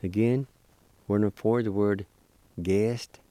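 A man teaching a language lesson as host of a weekly program. He spells words out syllable by syllable, repeats them slowly and encourages beginners to practice. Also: lowish voice, fairly even intonation, warm tone, dry recording.

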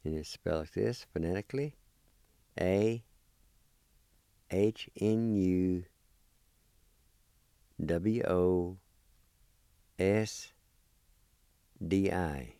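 Guy giving a language lesson, smooth mellow voice, dry close sound, spells stuff out slow. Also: low voice, dry recording. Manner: slow, deliberate spelling and repeating of words. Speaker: language teacher.

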